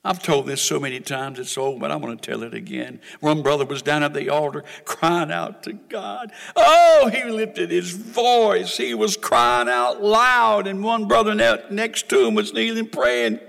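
A man preaching a sermon in a dramatic way, dropping to quiet asides and rising to shouted exhortations, recorded with a long hall reverb in a church. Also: high voice, normal speed, creaky, hardly any pauses.

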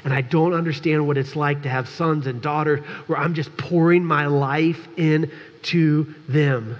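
Pastor, male, slightly high voice, candid and humorous, preaching in a big echoing sanctuary. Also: fairly even intonation, unhurried. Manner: candid, joking, speaks straight to the congregation. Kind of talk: conversational sermon. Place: church sanctuary. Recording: dull recording with long church reverb.

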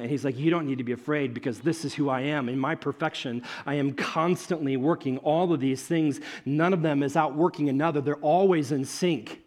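A man preaching a sermon in an animated, conversational storytelling way, swinging between loud emphasis and hushed moments. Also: a little high, fairly quick, few pauses. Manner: conversational, with fillers like "like" and "okay".

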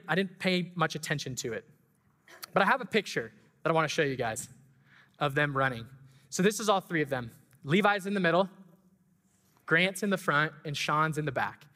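Bright-voiced pastor in a reverberant church. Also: male voice, a little high. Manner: storytelling, emotional, building to excited emphasis. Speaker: pastor and school track coach. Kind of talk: sermon. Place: church sanctuary. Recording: long hall reverb.

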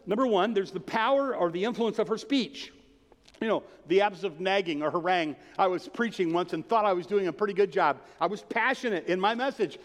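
A man preaching a passionate, conversational sermon. His voice sits high, and he keeps asking the congregation questions. The sound rings with the long reverb of a church hall. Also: a little fast. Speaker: pastor.

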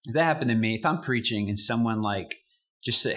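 A young adult man preaching a sermon as pastor, conversational and animated, with casual asides. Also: mid-range voice, brisk.

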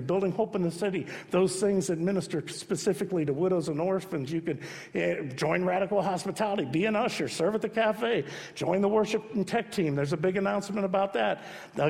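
A pastor delivering a sermon in a church sanctuary, his voice sitting a little high for a man. He presses his points hard, then drops into soft, hushed repetition. The sound rings with a long hall echo. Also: vocal fry. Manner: emphatic, swings between loud urging and soft hushed repetition.

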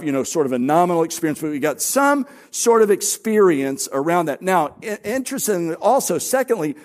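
A middle-aged man preaching as a pastor, telling stories conversationally with self-deprecating humor. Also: high voice. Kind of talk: conversational sermon.

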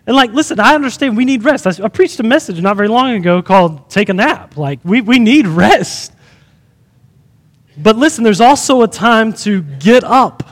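A man's voice: high-pitched, animated, moderate pace, long reverb tail. A man pastor preaching a sermon to his congregation, repeating phrases for emphasis and asking the room questions. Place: church sanctuary.

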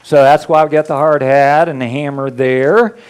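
A man with grandchildren, a pastor preaching in a folksy, rambling, joking way, with quiet prayers between the talk. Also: a little high, steady tone, moderate pace, clean tone. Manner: folksy, rambling, jokey storytelling. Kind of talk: casual sermon with prayer.

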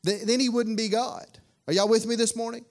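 A man's voice: very high-pitched, fairly even intonation, fairly quick, gravelly. A male pastor, preaching a sermon in a folksy, conversational way with lots of repetition.

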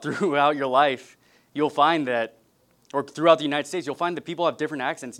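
A man from California preaches at a middle pitch in an earnest, measured way. He speaks plainly and warmly to a congregation, now and then easing in some gentle humor. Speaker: pastor. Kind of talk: sermon.

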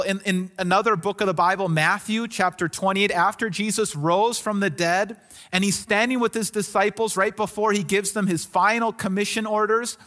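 A man's voice: high-pitched, bright, forceful tone. A male pastor delivering a sermon in an earnest, conversational way, often restarting his sentences.

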